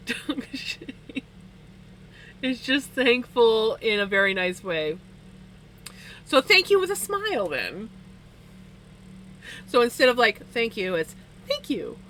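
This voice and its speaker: A woman's voice: on the high side, lively intonation, slow pace, long pauses, bright, forceful tone, a little hiss or hum, poor audio. A woman chatting casually with her livestream viewers, laughing often as she talks. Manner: giggly, laughs often between words. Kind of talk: casual chat with viewers while spinning wool. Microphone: streaming setup.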